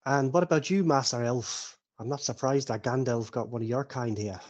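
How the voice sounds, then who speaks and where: A hearty old dwarf envoy greets travellers with warm formality, as a game master puts him on. He speaks in a slightly formal, welcoming way. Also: mid-range voice, normal speed, dull audio, lightly acted. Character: old male dwarf emissary, friendly.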